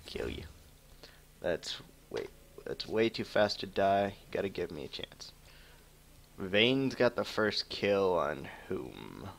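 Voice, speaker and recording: A man with a low, gravelly voice talks over his own game from a home desk mic, joking and muttering at the screen. He drawls slowly, with a lively pitch that rises and drops. Keyboard typing can be heard as he plays. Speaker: gamer streaming a match. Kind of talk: casual live game commentary.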